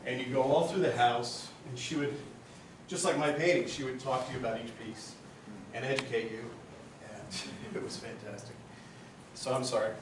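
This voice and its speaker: A man's voice: medium pitch, fairly even intonation, fairly quick, background noise. Emotional man telling stories, far off. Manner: emotional, rambling storyteller. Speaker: memorial speaker. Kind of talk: personal memorial speech. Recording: roomy hall, far from mic.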